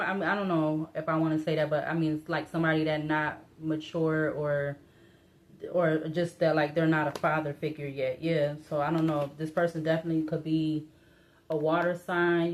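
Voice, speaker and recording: A woman's voice: low voice, little pitch movement, moderate pace. A woman reading tarot cards in a casual, musing way, hesitating often with fillers and restarts, her voice breaking up a little. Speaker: tarot reader.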